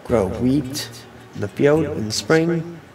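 Slow, halting man reading game lines. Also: on the high side, lively intonation, darkish tone, faint music behind, low-quality recording. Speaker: let's player. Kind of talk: reading game dialogue aloud.

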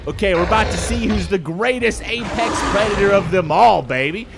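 A young man giving excited let's-play commentary, swearing and exclaiming often. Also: high-pitched, fairly quick, gravelly, music in the background. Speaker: gameplay commentator.

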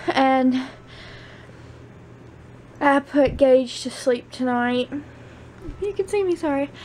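A teenage girl vlogging casually from home late at night, tired and rambling with soft trailing asides. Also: high-pitched. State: exhausted.

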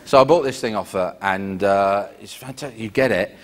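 A British stand-up comedian telling rambling, conversational stories onstage. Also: male voice, on the low side, moderate pace. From Britain. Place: live comedy venue. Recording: live show with background noise.

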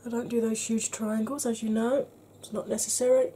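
Frank, chatty woman reviewing makeup, mellow voice. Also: on the high side, level tone, fairly quick, slight background noise. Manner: chatty and frank, dry jokes, drops to a half-whisper while blending. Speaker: beauty vlogger. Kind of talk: casual makeup review to camera.

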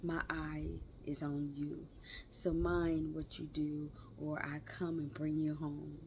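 Lovesick young man, teasing and hushed, lowish voice as a woman reads him. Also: flat delivery, slow pace, vocal fry, slight background noise, full character voice.

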